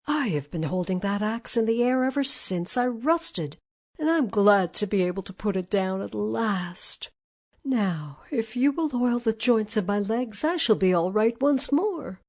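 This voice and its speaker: Woman reader as a gentle, rusted tin man, husky and courteous. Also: mid-range voice, animated, measured pace. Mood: polite. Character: polite, grateful male man of tin, rusted stiff. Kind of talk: storybook reading.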